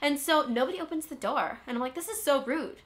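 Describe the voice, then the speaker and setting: Woman doing a high, bright Valley Girl airhead. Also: quick pace. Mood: ditzy. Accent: California Valley Girl. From California. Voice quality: constant "like" fillers, airheaded whiny uptalk. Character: ditzy spoiled rich young Valley Girl. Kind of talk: comedic vlog monologue.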